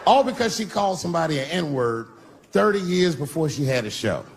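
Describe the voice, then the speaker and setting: A man's voice: on the high side, big pitch swings, fairly quick. A middle-aged man doing a stand-up comedy set, brash and crude, on a live stage with a handheld mic. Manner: brash, crude punchlines with mocking asides. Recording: live stage recording with audience noise.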